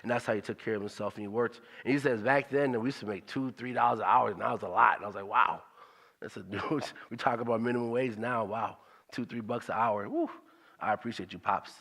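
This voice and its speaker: A man's voice: mid-range voice, steady tone, quick pace, gravelly, fairly bright tone, long reverb tail. A man speaking at a church service in a conversational, motivational way, repeating his questions for emphasis.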